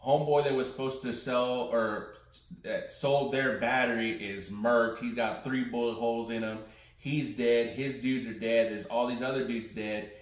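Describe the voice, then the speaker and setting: A man's voice: medium pitch, steady tone, moderate pace. A man co-hosting a casual podcast, retelling a TV episode and quoting its characters loosely. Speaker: podcast co-host. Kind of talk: casual recap chat. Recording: roomy echo.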